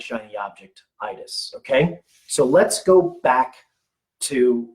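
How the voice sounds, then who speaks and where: A man's voice: mid-range voice, poor audio. A man in his forties giving a casual motivational talk for medical practice owners, conversational, restarting words and often checking in with "okay?".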